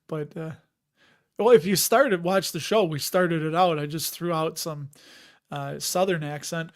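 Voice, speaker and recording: A man's voice: on the high side, normal speed. A man in his fifties hosting a casual investing livestream. He jokes, laughs often, and rambles while answering viewer comments. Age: 50s. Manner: chatty, jokey, laughs often, rambling asides. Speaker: host of a dividend investing livestream.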